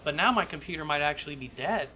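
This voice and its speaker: A man talks through a script idea for his podcast, rambling and profane and restarting his sentences. His voice is bright and forward, and a faint hum of ambience sits behind him. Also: a little high, lively intonation, fast. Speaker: podcast co-host. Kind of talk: casual chat pitching a script.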